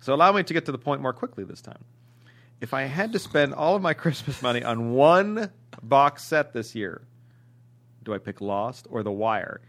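A man co-hosting a podcast, chatting casually and reading out listener emails, quick to laugh. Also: mid-range voice, animated, a bit bright.

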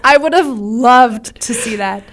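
A woman's voice: a little high, measured pace, a bit bright. A woman co-hosting a casual chat about musicals, chatty and enthusiastic, with many fillers. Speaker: podcast co-host.

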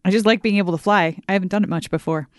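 A woman player in a tabletop game, chatty and quick to laugh. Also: mid-range voice, dry recording, studio quality. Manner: bubbly, laughs often. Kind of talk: casual tabletop play.

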